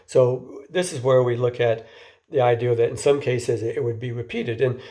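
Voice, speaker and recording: A man with a mellow, dark-toned voice lectures informally. He keeps his talk conversational and often stumbles into repeated words before he goes on. Now and then he turns to his listeners with a question. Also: medium pitch.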